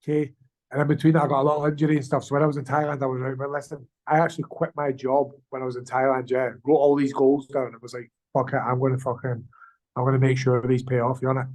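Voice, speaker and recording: A man's voice: mid-range voice, flat delivery, fast talker, a little mellow, low-quality recording. A man, an amateur fighter, chatting casually in an interview, rambling and swearing with lots of slang. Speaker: amateur MMA fighter, guest.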